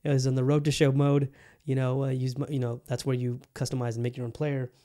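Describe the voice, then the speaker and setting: A man's voice: mid-range voice, flat delivery, fast talker, warm tone. A man hosting his own podcast alone, chatting casually and rambling with lots of restarts and the odd swear word. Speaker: podcast host. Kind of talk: casual solo podcast chat.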